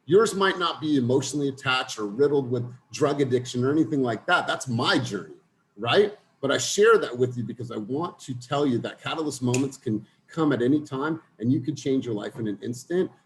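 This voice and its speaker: A man's voice: mid-range voice, expressive, fairly quick, slight background noise. A young man leading a group coaching call, telling a personal story in an earnest way and speaking directly to the group.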